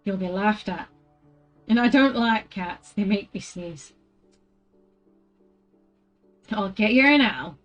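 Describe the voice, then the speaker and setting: A woman doing a gruff, kindly giant of a man. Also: medium pitch, unhurried, a bit bright, faint music behind. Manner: gruff, with a wandering put-on accent. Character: big gruff kindly male giant groundskeeper.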